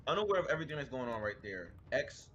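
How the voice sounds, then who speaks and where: A man's voice: medium pitch, sing-song, quick pace, dull audio, a crowd in the background. A man playing in a tabletop role-playing game, describing his character's moves hesitantly with many fillers. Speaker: player. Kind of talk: casual tabletop game play.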